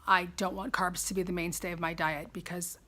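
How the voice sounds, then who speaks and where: A woman's voice: on the low side, little pitch movement, a little fast, bright, forceful tone. A woman in her fifties talking casually in a personal video diary at home, chatty and rambling, often laughing at herself. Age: 50s. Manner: chatty, rambling, self-deprecating. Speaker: vlogger.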